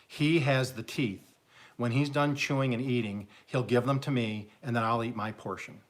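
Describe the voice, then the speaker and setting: A man voicing a calm, patient old wife who speaks softly and reassuringly. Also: mid-range voice, moderate pace, natural voice.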